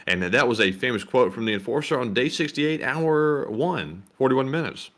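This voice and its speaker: A man's voice: medium pitch, animated, normal speed, fairly bright tone. A man co-hosting a live stream, reading out viewer questions and donations in an upbeat, announcer-like way. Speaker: co-host reading Super Chat questions. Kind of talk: livestream Super Chat reading.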